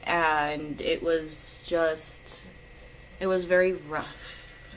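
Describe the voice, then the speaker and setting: A young woman telling her personal story in a candid, animated way, swinging from loud bursts to hushed moments. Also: deep voice, very slow, a little hiss or hum, low-quality recording. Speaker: vlogger.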